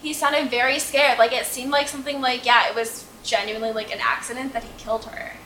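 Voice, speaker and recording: Sweary woman host, bright voice. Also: on the high side, level tone, quick pace, slight background noise. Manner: loose, sweary, heavy on "like". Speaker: podcast host. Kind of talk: casual chat. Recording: echoey room.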